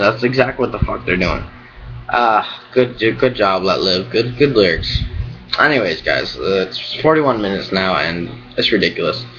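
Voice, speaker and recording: A man's voice: lowish voice, fairly bright tone, lo-fi sound. A young man vlogging in a rambling, profane, ranting way. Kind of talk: casual rambling vlog.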